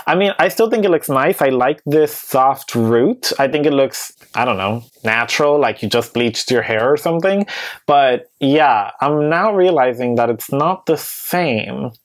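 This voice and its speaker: A man's voice: mid-range voice, animated, unhurried. A man giving a casual, candid review on his vlog, chatty and hedging with many fillers, with playfully sassy asides. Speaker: beauty vlogger reviewing wigs. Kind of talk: casual product review chat.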